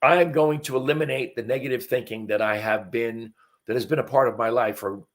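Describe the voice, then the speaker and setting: A man's voice: medium pitch, fairly quick. A man in his seventies hosting a live stream, talking in an earnest, folksy way with fillers and restarts, a bit sniffly from allergies. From North Carolina. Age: 70s. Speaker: host. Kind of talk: casual talk on a live stream. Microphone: webcam live stream.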